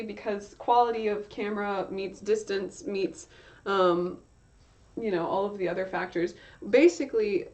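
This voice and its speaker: A young woman chats loosely during her art livestream as she draws, full of fillers and self-corrections. Her medium-pitched voice is a little mellow, heard through slightly dull, lo-fi stream audio.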